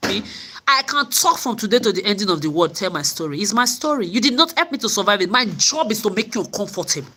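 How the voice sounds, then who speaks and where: A woman's voice: medium pitch, animated, fast talker, a bit bright. A woman vlogger telling her story in an angry, profane rant, often repeating and stumbling over words. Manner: profane, repetitive stammering.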